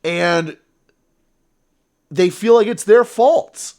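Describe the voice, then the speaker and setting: A man's voice: high voice, drawn-out words, darkish tone. A man on a political reaction stream, ranting with heated, profane commentary.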